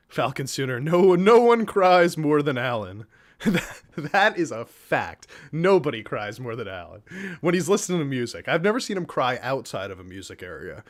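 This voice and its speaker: Guy hosting a live stream, earnest and gushy, keeps tripping over his words, normal middle pitch. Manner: effusive, earnest, stumbles and repeats words. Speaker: streamer and reaction host. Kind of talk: casual live-stream chat.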